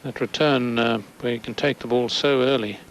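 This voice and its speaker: A man's voice: medium pitch, fairly even intonation, heavy background noise. A man giving thoughtful color commentary on a tennis match, reading the players' movement. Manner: unhurried, thoughtful, analytical. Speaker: tennis analyst. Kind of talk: sports commentary.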